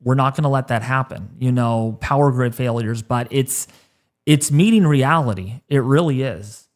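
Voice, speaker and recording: A man in his thirties hosting a weather livestream, choked up and halting, repeating words as he talks. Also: mid-range voice. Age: 30s. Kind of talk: emotional livestream talk.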